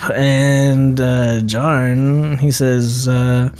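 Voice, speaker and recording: A man's voice: mid-range voice, fairly even intonation, measured pace, a little mellow, soft background music. A young man narrating as game master of a tabletop game, laughing often between filler words.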